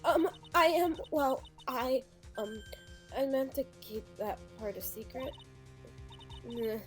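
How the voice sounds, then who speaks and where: A woman's voice: sits high, lively intonation, takes it slowly, faint music behind. A woman voicing a flustered young female witness in a game, hesitant and full of ums. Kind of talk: reading game dialogue aloud.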